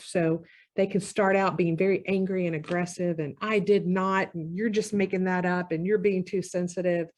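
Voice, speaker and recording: A marriage therapist with a low voice explains relationships in an educational talk to camera. She's conversational and acts out quoted partners with lively shifts.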